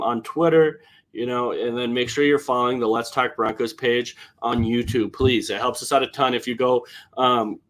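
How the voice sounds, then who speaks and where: Young male sports podcast co-host, casual, mid-pitched, loose and chatty. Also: fairly bright tone. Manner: easygoing, laughs often, filler-heavy.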